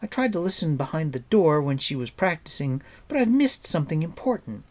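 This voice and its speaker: A man voicing a spirited, sharp-tongued young girl who speaks in a raised, quick, indignant way. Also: fairly high pitch, sing-song, pitched above the performer's own voice. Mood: upset.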